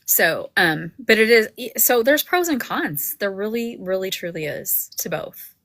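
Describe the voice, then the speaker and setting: Bright-voiced woman hosting a livestream chat. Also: medium pitch, expressive, unhurried, dry recording, low-quality recording. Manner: rambling, full of fillers and restarts. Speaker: book club host.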